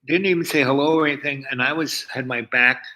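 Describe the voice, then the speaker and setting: An older man from New York telling a long personal story in a halting way, full of fillers and restarts. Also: medium pitch, steady tone, bright, forceful tone, low-quality recording. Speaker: storyteller host. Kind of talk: rambling personal anecdote.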